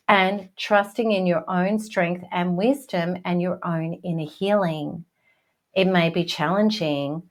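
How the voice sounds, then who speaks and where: Middle-aged female host, earnest and reassuring, scripted self-help talk, mid-range voice. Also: medium pitch. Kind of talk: scripted motivational talk to camera.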